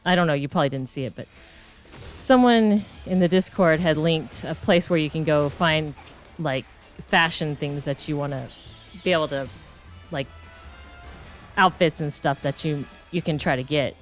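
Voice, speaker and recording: A woman's voice: deep voice, moderate pace. Rambling woman streamer chatting over game music. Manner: rambling, full of likes and restarts. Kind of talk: casual gameplay chat. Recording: faint game music behind.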